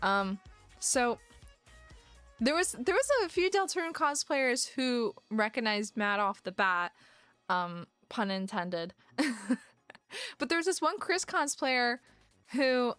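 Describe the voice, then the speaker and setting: A woman's voice: on the high side, clear, resonant tone, no echo. A young woman livestreamer chatting casually, telling stories with lots of laughter and the odd swear. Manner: animated storytelling, frequent laughter and swearing. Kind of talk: casual chat.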